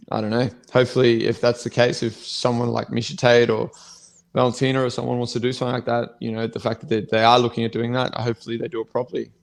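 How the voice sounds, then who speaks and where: A man's voice: medium pitch, creaky. A man, co-hosting a podcast as a fighter, talking bluntly and swearing in a rambling casual chat. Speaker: co-host, fighter.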